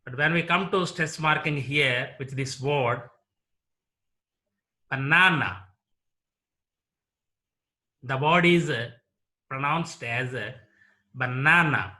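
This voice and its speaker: Indian English lecturer, male, slightly high and bright voice, very slow and deliberate delivery. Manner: deliberate, repeats example words slowly. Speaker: college English teacher.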